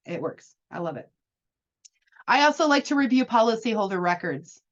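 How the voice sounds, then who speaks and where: A woman's voice: fairly high pitch, sing-song, normal speed. A woman coaching new insurance agents in a chatty, upbeat and encouraging way. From United States. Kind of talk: casual advice talk. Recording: slightly dull lo-fi audio.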